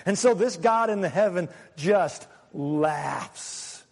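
A high-voiced man preaches a sermon in a lively, animated way, now and then acting out quoted voices. His voice carries a long reverb from a large hall. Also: takes it slowly, creaky, breathy edge. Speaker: pastor.

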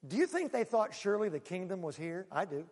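Male pastor, sermon, high voice, animated delivery, long hall reverb. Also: vocal fry. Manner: animated, swinging from loud exclamations to hushed asides.

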